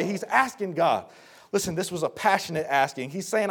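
A man preaching a sermon in an earnest, folksy way, calling his listeners folks and turning from low explanation to shouted appeals. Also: lively intonation, normal speed, breathy edge.

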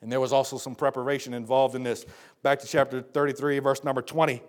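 Calling his listeners folks, a man preaches an earnest, folksy sermon, moving from low explanation to shouted appeals. He speaks fast with little pitch movement.

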